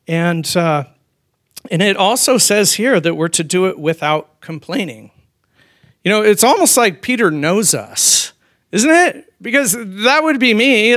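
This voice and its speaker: A man's voice: high voice, fairly bright tone. A man preaching a conversational sermon as pastor, telling personal stories with frequent restarts. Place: church.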